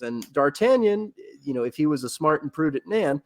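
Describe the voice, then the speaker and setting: A man's voice: on the high side, very animated, normal speed, a little mellow. A man speaking as a podcast guest in casual chat, lecturing with enthusiasm about history and a novel, often restarting his sentences and filling gaps with "like" and "you know". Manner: rambling, with frequent restarts and filler words.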